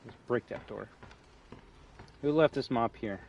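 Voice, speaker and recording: A man's voice: medium pitch, unhurried, creaky, noisy background. A young man streaming a horror game live, rambling and joking as he plays. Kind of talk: live gameplay commentary.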